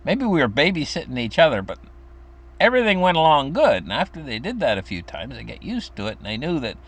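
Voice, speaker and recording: A man's voice: sing-song, fast talker. An older man casually telling a story from his childhood, rambling with fillers and restarts. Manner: acts out quoted voices in a high pitch.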